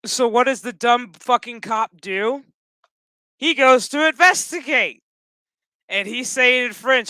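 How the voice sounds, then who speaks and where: A man rambles through a casual, swear-filled TV episode recap, cracking jokes as he goes. His voice is bright and crisp. The recording is dry and close. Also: very high voice, slow pace, dry recording, poor audio. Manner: profane, rambling and joking. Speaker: gaming channel host.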